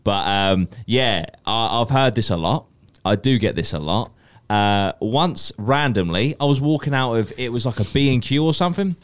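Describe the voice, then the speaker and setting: Laid-back podcast man, smooth voice. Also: mid-range voice, lively intonation, moderate pace, few pauses. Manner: banter, swears, laughs often. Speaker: podcast host. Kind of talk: casual chat.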